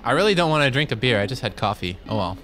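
A man's voice: mid-range voice, big pitch swings, quick pace, music in the background. A man playing a driving game and goofily narrating his own driving as he commentates. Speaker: gamer driving the bus. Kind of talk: let's-play commentary.

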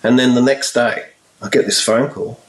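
A man in his forties, a guest musician telling stories in a casual interview, animated and acting out the people in his anecdotes. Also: medium pitch, normal speed. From Australia. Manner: animated storyteller, acts out voices in his anecdotes. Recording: roomy echo, a little far from the mic.

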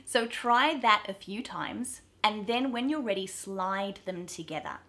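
A young Australian woman teaching pronunciation, drawing out vowel sounds slowly and clearly as she demonstrates them. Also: medium pitch, sharp tone. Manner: slow, drawn-out demonstration of sounds. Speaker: accent coach. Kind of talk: pronunciation lesson to camera.

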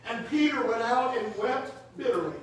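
A man preaching a sermon in a church, rising to shouts and dropping low. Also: lively intonation, normal speed. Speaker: pastor. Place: church sanctuary. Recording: echoey church room from far off.

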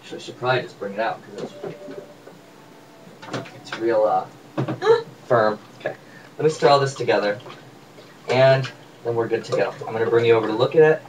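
A man's voice: medium pitch, brisk, long pauses. A man casually demonstrating a recipe in his home kitchen, chatty and joking with viewers. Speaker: home cook vlogger. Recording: distant mic with faint room noise.

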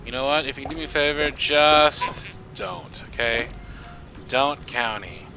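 Young man, game streamer, goofy and playful, slow delivery, lively pitch, game music behind. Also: highs cut off, slight background noise. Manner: goofy, playful, chatty with honks and silly riffs. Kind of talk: live game commentary.

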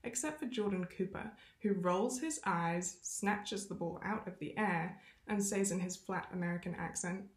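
A woman's voice: lowish voice, normal speed. A woman reading a novel aloud expressively, with self-aware asides. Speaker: reader. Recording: roomy echo.

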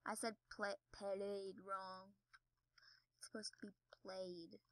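A young woman who makes gaming videos chats and giggles through casual commentary as she plays, yelping whenever she falls. Her medium-pitched voice is fairly bright, with fairly even intonation and normal speed. The low-quality desk-mic recording has no echo and picks up keyboard sounds.

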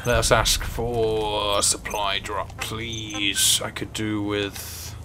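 A man's voice: lowish voice, flat delivery, slow, noisy background. Joking man streaming a game. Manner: joking, chatty, talks to the game characters. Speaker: gaming streamer. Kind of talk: casual live-stream commentary.

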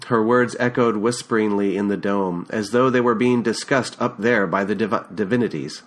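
A man narrating a novel in the first person with a measured, even reading and small stumbles, recorded at home on a USB condenser mic. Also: lowish voice. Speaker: audiobook narrator. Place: home room with minimal treatment.

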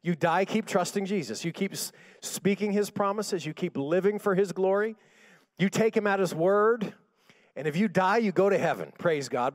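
A man's voice: high voice, lively intonation, moderate pace, dry recording. Man preaching with dramatic swings. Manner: dramatic, swinging from hushed storytelling to shouting. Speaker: pastor. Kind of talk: sermon.

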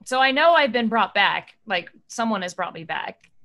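Bright, lively woman gamer. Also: mid-range voice, moderate pace. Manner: chatty, lots of "like". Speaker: player. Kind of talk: casual tabletop-game play.

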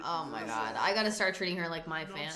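A woman hosting a gaming video, giving excitable let's-play commentary with frequent swearing and joking self-mockery. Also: sits low, brisk, a crowd in the background. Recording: roomy room sound.

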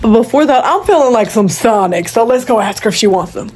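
A woman's voice: on the high side, expressive, brisk, a little mellow. A young woman talking casually to her camera, playful and jokey, with lots of exaggerated reactions. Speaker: vlogger. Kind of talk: casual vlog chat. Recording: noisy phone recording.

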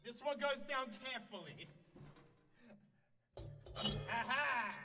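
A man's voice: sits high, expressive, moderate pace, fairly bright tone, faint music behind. An Australian man hosting a live stream in a casual, joking and rambling way, laughing often and drifting away from the mic as he moves around. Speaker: livestream host.

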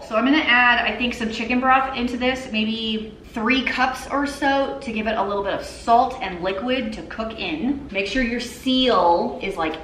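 A woman's voice: a little high, a bit bright, slight background noise. A woman in her thirties, a mother chatting casually to viewers as she cooks in her home kitchen. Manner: chatty and upbeat, talks to viewers while cooking. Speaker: cooking vlogger, mother. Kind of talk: casual cook-along chat. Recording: echoey kitchen room.

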